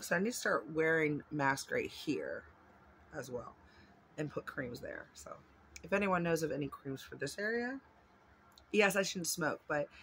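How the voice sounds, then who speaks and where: A woman with a low, fairly bright voice, carrying a little hiss or hum, vlogs from home while unboxing gifts. She chats casually, rambling and gushing, with plenty of filler words.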